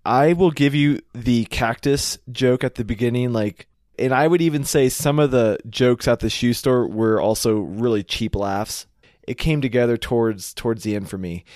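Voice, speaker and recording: A man's voice: medium pitch, moderate pace, dry recording. Chatty man with dry close sound. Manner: relaxed, chatty, repeats words often. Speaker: podcast co-host. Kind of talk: casual chat reviewing a TV show.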